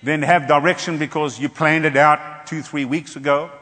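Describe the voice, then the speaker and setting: A man's voice: on the high side, fairly even intonation, moderate pace, hardly any pauses, pushed and bright. A man preaching a sermon as pastor, telling a story and calling out to the congregation with rising exclamations. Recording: long hall reverb.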